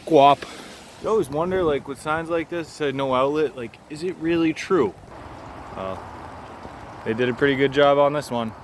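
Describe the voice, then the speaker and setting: A man's voice: fairly high pitch, normal speed, slight background noise. A man with a Boston accent, vlogging on a handheld camera as he walks a snowy city street, rambling in profane, joking street talk. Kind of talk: casual vlog commentary.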